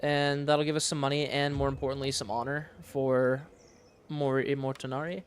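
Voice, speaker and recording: Streamer, man, mid pitch; casual thinking-aloud game commentary, relaxed and matter-of-fact. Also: moderate pace, slight background noise. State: sleepy, yawning. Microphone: studio dynamic mic.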